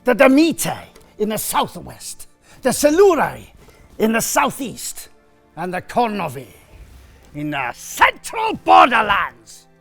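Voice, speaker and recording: A man's voice: high voice, huge pitch swings, slow pace, creaky, a bit bright, soft background music, heavily acted. A man playing a weary, homesick Roman foot soldier in a put-on Italian accent, telling his story theatrically in an educational drama. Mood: storytelling.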